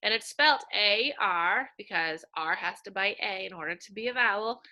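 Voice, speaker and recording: A woman teacher giving a slow, animated sight-word lesson to young children, pointing to pictures as she goes. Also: mid-range voice.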